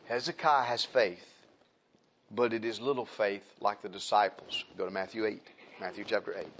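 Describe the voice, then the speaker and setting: A man preaching a sermon in an emphatic, animated way, calling out to the congregation. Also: on the low side, normal speed, long pauses, dull audio, slight background noise.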